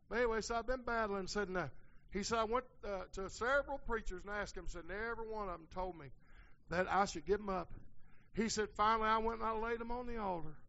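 A man's voice: sits high, sharp tone, lo-fi sound. A man preaching a sermon, mixing folksy asides with sudden hollered peaks.

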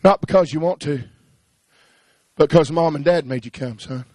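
A man preaching a sermon, swinging from hushed pleading to rising, shouted cadences. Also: fairly high pitch, normal speed, no room sound.

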